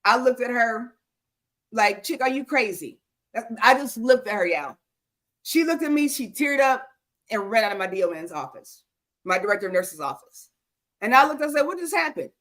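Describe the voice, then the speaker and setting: A woman's voice: a little high, normal speed. A woman co-hosting a talk show on senior care, telling stories with exclamations, lots of fillers. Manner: animated, exclaiming, with many fillers. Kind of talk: casual storytelling chat.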